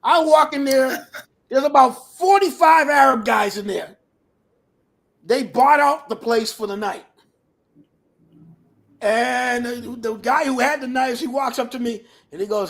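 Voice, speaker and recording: A man in his fifties with a high voice tells a long story as a guest on an interview show. He is animated, peppers his talk with "you know" and drops lower to act out the people in his tales. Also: measured pace, gravelly, pauses often. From New Bedford, Massachusetts area.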